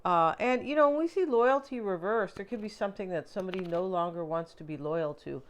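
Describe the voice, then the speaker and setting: A woman with a mid-range voice gives a tarot card reading at a fairly quick pace. Her casual monologue is chatty and rambling, full of fillers and asides.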